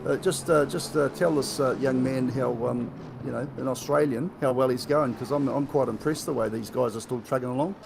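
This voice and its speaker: A man's voice: medium pitch, steady tone, fairly quick, creaky, few pauses, noisy background. A man with a New Zealand accent commentating a live sim race, chatty and joking, with lots of fillers and restarts.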